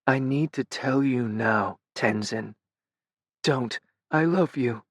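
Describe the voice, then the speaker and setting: A man doing a dying young man, faint and halting. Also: medium pitch, no echo, clean studio sound. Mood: tender. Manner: faint, halting, near a whisper. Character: dying young man, gentle, slurring, tender. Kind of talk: audiobook character reading.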